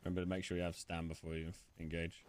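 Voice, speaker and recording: A man yelling callouts to his squad while gaming, swearing and laughing a lot. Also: low voice, completely flat delivery, fast talker. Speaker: gamer playing with a squad. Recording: clear game noise behind the voice.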